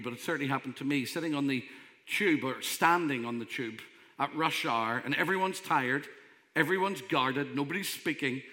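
Bright-voiced male pastor preaching. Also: fairly high pitch. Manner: emphatic, conversational preaching. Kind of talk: sermon. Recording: long hall reverb.

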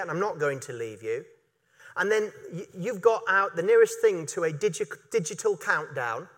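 A man preaching a sermon, animated and emphatic, repeating phrases for effect and briefly acting out the voices of people in the story. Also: on the high side. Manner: animated, acts out voices of biblical figures; repetitive, emphatic.

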